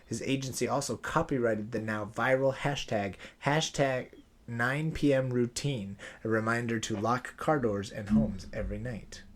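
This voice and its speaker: A man co-hosts a relaxed podcast and reads offbeat news stories aloud in an animated way. He laughs easily, and he stumbles into restarts when a story leaves him lost for words. His voice sits at an ordinary middle pitch. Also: normal speed. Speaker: podcast co-host, pastor. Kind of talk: casual chat, reading news stories aloud.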